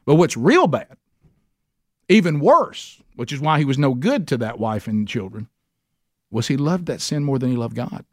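A man with a Southern US accent preaching in a men's Bible study. He is earnest and emphatic and lifts his voice sharply to stress a point. His voice sits at an average pitch and is recorded close and dry, with no room echo. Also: expressive, moderate pace. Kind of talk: sermon.

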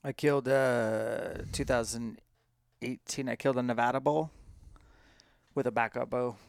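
A man with a gravelly yet smooth voice tells hunting stories in an easygoing, chatty way. His pitch is ordinary for a man. The recording is dry and close. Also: fairly even intonation, moderate pace, dry recording. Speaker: elk hunting co-host. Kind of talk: casual live chat.

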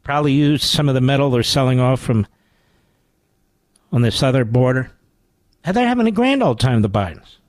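A man's voice: mid-range voice, animated, moderate pace, long pauses, a little mellow, dry recording. A man hosting a radio talk show, delivering a sarcastic, mocking monologue full of rhetorical asides into a studio microphone.

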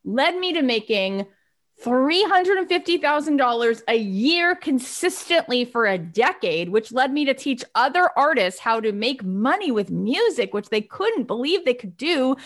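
A middle-aged woman gives a motivational talk in a fairly high voice. She tells stories with animated energy and acts out old phone calls as she goes. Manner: animated storytelling, acting out past phone calls. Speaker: songwriter and business teacher.

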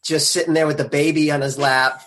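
A man's voice: on the high side, level tone, a little fast, a bit bright. A man guesting on a comedy podcast, giving laid-back, dry commentary. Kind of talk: casual comedic chat.

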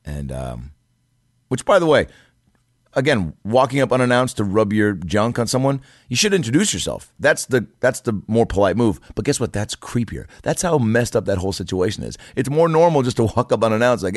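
A young adult man telling a bar story in casual, profane chat, acting out the people in it in a higher voice. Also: a little fast, no echo, studio quality. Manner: animated, profane, acts out quotes in a higher voice.

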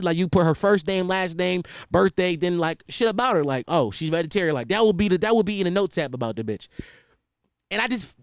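A young man rants on his podcast in a high voice that swoops up and down as he talks. He is profane and animated, and he laughs at his own stories. The sound is dry and close. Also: no room sound. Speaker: podcast host. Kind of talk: casual comedic rant.

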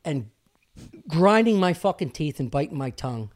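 A man's voice: a little high, sing-song, normal speed. A man co-hosting a podcast in casual chat, brash and profane, teasing his friends. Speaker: podcast co-host.

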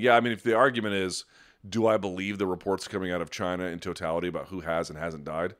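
A man hosting a podcast, telling stories and chatting casually with a rambling, profane, animated delivery. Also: sits low, fast. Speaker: podcast host. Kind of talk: casual chat and storytelling.

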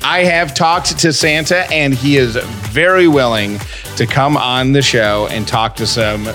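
A man's voice: medium pitch, a little slow, sharp tone, faint music behind. A man co-hosting a podcast, chatting casually and reading an ad in an upbeat, conversational way. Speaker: podcast co-host. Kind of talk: casual chat and read ad.

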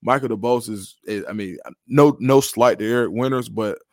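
In a podcast interview, a male guest analyst discusses football recruiting, sounding confident and analytical while telling stories with animation. His pitch is medium and his pace normal. The studio recording is clean and free of echo.

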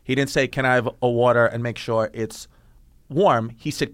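Male podcast host, lively storyteller, dry studio sound. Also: medium pitch, normal speed, clear, resonant tone, no room sound. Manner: animated storyteller, swears freely. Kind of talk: casual podcast chat.

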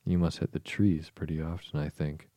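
A man with a very deep voice, reading the lines of a gentle, polite young girl in a bedtime storybook. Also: steady tone, normal speed, no room sound.

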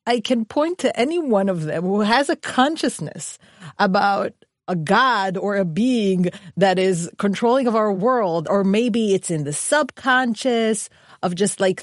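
A female podcast co-host speaks in a reflective, conversational way. Her voice is mid-pitched. The sound is dry and close. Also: expressive, measured pace, dry recording. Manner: reflective, chatty. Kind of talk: casual podcast chat.

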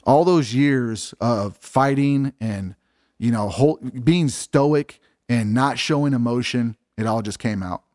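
A man's voice: medium pitch, slow, a little mellow, no echo, clean studio sound. Blunt, profanity-heavy man telling his story. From Illinois. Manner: blunt, swears freely, acts out quotes. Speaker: guest. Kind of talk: casual storytelling interview.

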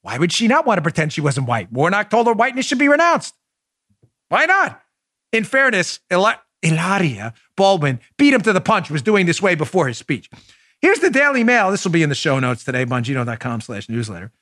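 Animated, high-voiced male podcast host. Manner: incredulous, rapid-fire rhetorical questions; sarcastic, mocking asides. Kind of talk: political commentary monologue.

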